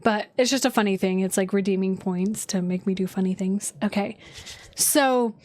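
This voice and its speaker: A woman's voice: mid-range voice, moderate pace, a little mellow. A woman astrologer chatting casually on a livestream from home, loose and filler-heavy, with casual swearing.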